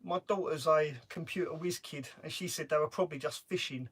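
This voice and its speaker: Middle-aged guy, chatty and rambling, a touch high, chatting live from a parked van. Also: a little fast, fairly bright tone, husky. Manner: chatty, rambling, laughs often. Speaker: van-life vlogger. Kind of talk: casual live stream chat. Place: parked camper van on a driveway.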